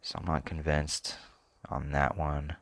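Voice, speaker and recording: A man with a very deep voice hosts a sports picks channel, speaking slowly with a flat delivery. In casual solo commentary, he thinks aloud, hesitating and often trailing off.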